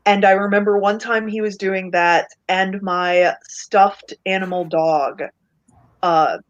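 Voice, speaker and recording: A woman chatting casually, telling stories with lively acted-out quotes. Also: medium pitch, slow, lo-fi sound. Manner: animated storyteller, acts out quoted voices. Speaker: podcast co-host. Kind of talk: casual storytelling chat.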